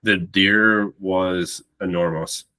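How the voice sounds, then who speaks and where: A man's voice: sits low, steady tone, takes it slowly, sharp tone. A man, a podcast guest telling a long story in a rambling, casual way and acting out the dialogue. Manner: rambling, repeats words while recounting.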